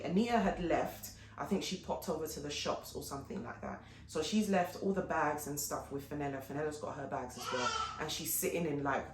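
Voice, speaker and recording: A woman vlogger telling a story in a casual, animated way, often turning to her viewers. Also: deep voice. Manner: animated, chatty retelling with frequent asides to viewers. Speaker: fashion and lifestyle vlogger. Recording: echoey room with faint background noise.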